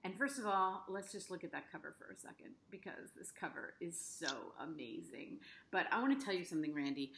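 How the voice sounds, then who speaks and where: Gushing bright-voiced woman interviewer. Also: on the low side, expressive, fairly quick, gravelly, hardly any pauses, a little hiss or hum. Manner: gushing, effusive, talks over herself with restarts. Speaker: interviewer and book reviewer. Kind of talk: enthusiastic interview chat.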